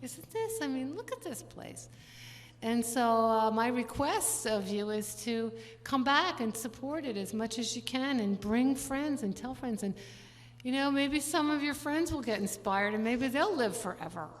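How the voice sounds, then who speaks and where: An older woman musician chatting with her audience between songs at a concert, rambling through anecdotes with quick laughs. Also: a little high, lively intonation. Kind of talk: stage banter between songs. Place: large church venue. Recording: live concert hall with long reverb and instrument.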